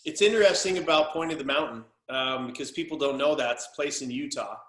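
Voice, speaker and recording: A man hosting a podcast, asking questions and telling stories in a chummy, animated, casual way. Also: medium pitch, fairly quick. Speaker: podcast host. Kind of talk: casual interview chat. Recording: roomy echo.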